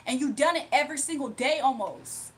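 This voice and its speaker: A woman's voice: high-pitched, a little fast, fairly bright tone. A woman hosting a livestream in a casual, blunt, scolding manner. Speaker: livestream host.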